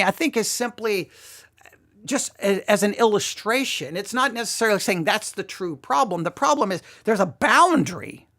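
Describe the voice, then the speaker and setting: A woman hosting a podcast, talking through song lyrics in an animated way and slipping into voices to act them out. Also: mid-range voice, moderate pace. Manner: animated, slips into acting out the voices. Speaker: podcast host.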